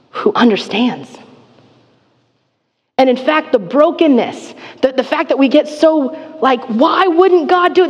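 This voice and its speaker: A woman preaching with a fairly high voice in a candid, chatty way, peppering her teaching with filler words and self-deprecating asides. Her voice carries a long reverb, like a large church hall. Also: highs cut off. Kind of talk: conversational sermon.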